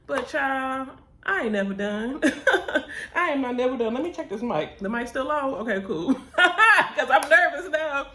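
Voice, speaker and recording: A young adult woman vlogger with a high-sitting voice speaks at a moderate pace, with a faint hiss or hum in the audio. Candid and expressive, she tells her story at her cousin's house, animatedly saying "baby" and "child," in an echoey room.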